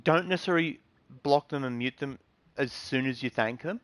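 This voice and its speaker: A man's voice: mid-range voice, moderate pace, fairly bright tone, no room sound. A man streaming games, chatting casually and giving earnest advice to viewers with lots of ums and restarts. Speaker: game streamer. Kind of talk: casual live-stream talk.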